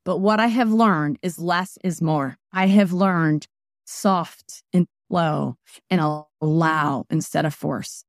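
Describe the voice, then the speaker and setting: A woman in her forties, a wellness practitioner being interviewed, talking in a casual, emphatic and animated way that jumps between asides. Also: mid-range voice, no echo, clean studio sound.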